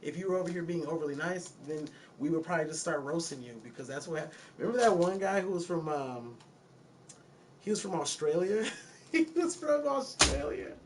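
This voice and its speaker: Streaming from a recording studio, a Detroit-born music producer chats casually with viewers, swearing freely and dropping frequent laughing asides. He speaks at a normal speed in an animated voice on the high side, with a bit of background noise and a Detroit accent.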